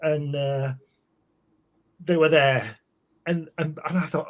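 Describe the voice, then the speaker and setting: Man, rambling anecdote-teller, slightly higher voice, laughs a lot. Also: measured pace. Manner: rambling, repeats words, laughs often. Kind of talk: casual storytelling chat.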